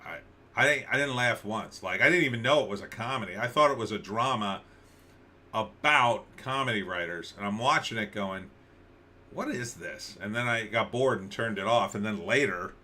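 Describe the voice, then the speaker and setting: A man's voice: fairly low pitch, normal speed, pushed and bright. A man hosting a casual livestream, commenting on news with sarcasm and rambling restarts. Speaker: livestream host.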